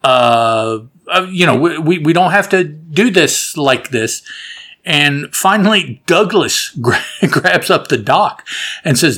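A man's voice: on the high side, expressive, slow, bright, forceful tone. A man giving a casual, rambling recap and review of an old comic book, chatty and amused, often correcting himself.

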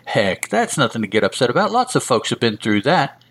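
A man's voice: mid-range voice, sing-song, fairly quick, fairly bright tone, husky. Condescending male debt collector, smug and leering, read by a man.

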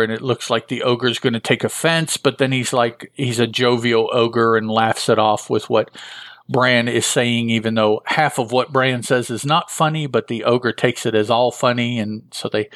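A man's voice: medium pitch, steady tone, normal speed, a bit bright, dry recording, clean studio sound. A man hosting a comic book review show, recapping an issue in a rambling, thinking-aloud way and often correcting himself.

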